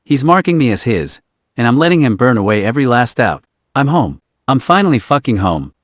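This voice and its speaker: A man's voice: mid-range voice, sing-song, fairly quick, no room sound, studio quality. A man voicing a vulnerable young man who swears often and speaks with earnest emotion. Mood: passionate.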